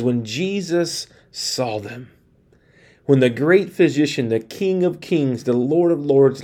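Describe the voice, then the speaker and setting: A male pastor giving an earnest sermon, reading scripture aloud and slowing down to stress key phrases. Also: medium pitch, a little mellow. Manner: earnest, emphatic preaching with slowed, stressed phrases.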